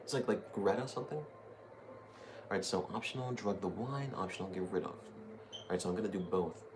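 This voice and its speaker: Over loud game capture, a young male streamer offers brisk, low-voiced commentary, joking and rambling as he thinks aloud during play.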